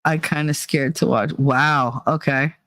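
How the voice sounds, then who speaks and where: A woman's voice: low-pitched, fairly even intonation, a little slow, fairly bright tone, dry recording. A woman hosting a livestream in casual chat, blunt and rambling, swearing freely. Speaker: livestream host.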